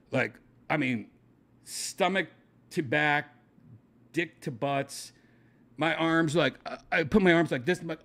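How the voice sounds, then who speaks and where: A man, a comedian hosting his own podcast, telling a crude story in casual, animated fashion and laughing often. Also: moderate pace. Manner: animated, jumps up in pitch for quoted voices, crude jokes, laughs often. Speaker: podcast host.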